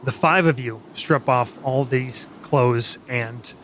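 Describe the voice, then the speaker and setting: Guy running a tabletop game, lots of ums and restarts, mid pitch, faint hiss. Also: a bit bright. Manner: halting, many fillers and restarts. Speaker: game master.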